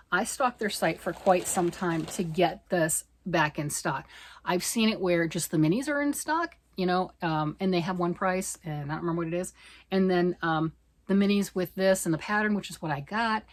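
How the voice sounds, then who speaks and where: A middle-aged woman chatting fast and excitedly about knitting, rambling off on tangents. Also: on the low side. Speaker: knitting vlogger. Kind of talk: casual chat.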